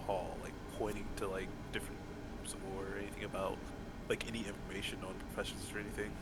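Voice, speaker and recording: A man's voice: fairly low pitch, level tone, fast talker, very noisy. A man playing in a tabletop game, talking hesitantly and swearing often. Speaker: player. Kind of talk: casual game chat.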